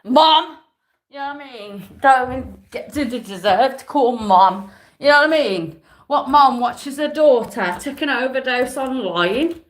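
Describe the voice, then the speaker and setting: Angry high-voiced woman ranting. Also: lively intonation, unhurried. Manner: swearing, threatening, repeating herself. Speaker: streamer. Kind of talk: angry live-stream rant.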